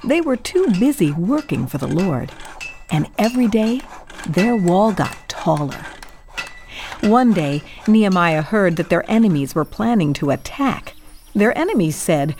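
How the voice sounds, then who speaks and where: A woman storyteller reads a children's Bible story with a cheerful, highly animated delivery and a lowish voice. Soft music plays faintly under her narration. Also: a little slow. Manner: expressive, cheerful, addresses young listeners.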